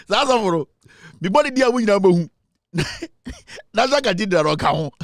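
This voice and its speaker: A man with a Ghanaian accent hosting a casual show, talking with animated, playful banter. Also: high voice, normal speed, no room sound, clean studio sound. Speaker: show host. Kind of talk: casual show talk, mixing English and Twi.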